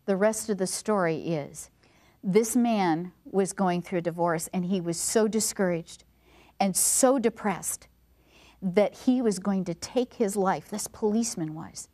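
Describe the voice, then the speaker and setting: A woman hosting a devotional talk, an expressive storyteller who sometimes drops to a soft hush for emphasis. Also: mid-range voice, measured pace. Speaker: devotional and health segment host.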